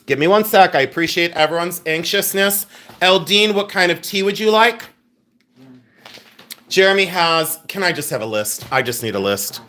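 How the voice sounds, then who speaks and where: A middle-aged man hosting a live-stream sale, reading out viewer names and orders and making quick asides to his helpers. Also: sits high, expressive, pushed and bright. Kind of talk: live-stream selling chat.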